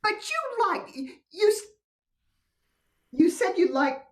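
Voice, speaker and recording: A woman's voice: extremely high pitch, sing-song, slow pace, full character voice. An older woman playing a coy, soothing wife on a video call, sometimes dropping to a whisper. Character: coy, teasing unfaithful wife, middle-aged. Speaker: stage actor. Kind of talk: stage play reading over video call. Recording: voice a little far from the mic.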